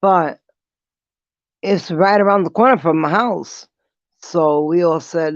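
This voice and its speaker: A vlogger telling a story in a casual, animated way, laughing often and swearing freely. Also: medium pitch, takes it slowly, long pauses, dry recording. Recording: dull, slightly lo-fi dry audio.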